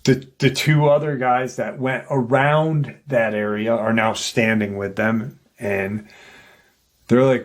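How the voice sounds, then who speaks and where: A man's voice: mid-range voice, steady tone, slow. A man hosting a paranormal channel, casually retelling an encounter story in a loose, rambling way full of "like" and "you know.".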